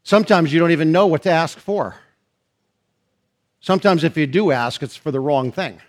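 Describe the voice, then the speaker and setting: Brief: high-pitched male pastor, preaching style, builds and stretches key lines. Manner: preaching with rising emphasis, drawn-out stressed phrases. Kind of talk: sermon.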